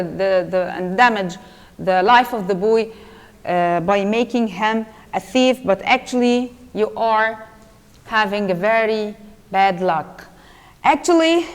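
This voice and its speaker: A woman with an Egyptian accent, an English teacher retelling a novel chapter to students and explaining it slowly. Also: long reverb tail. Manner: slow, explaining, acts out quotes in a lowered voice.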